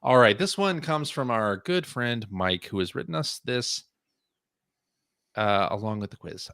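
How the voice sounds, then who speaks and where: A man hosting a podcast, talking in a loose, easygoing way with plenty of "uh"s as he sets things up. His voice sits at an ordinary middle pitch. The sound is close and dry, with no room around it. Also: lively intonation, measured pace, creaky, a bit bright, clean tone, no echo. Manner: loose and chatty, with frequent fillers. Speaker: podcast host. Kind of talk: casual podcast chat.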